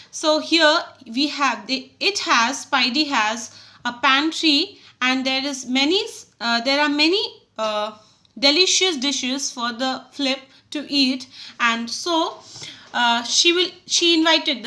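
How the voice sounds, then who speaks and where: A woman teacher walks schoolchildren through a poem. Her voice sits high and sounds bright. She talks haltingly, full of fillers and restarts.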